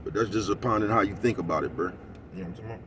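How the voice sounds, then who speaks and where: A man with a lowish voice rants at a rapid clip, rambling in thick slang and breaking into laughs. He sits in a vehicle some way from the mic, with a faint hum of the road behind him. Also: far from the mic. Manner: rambling, heavy slang, keeps asking "you know what I'm talking about"; laughs often, gets loud and heated. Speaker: vlogger. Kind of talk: casual rant to camera.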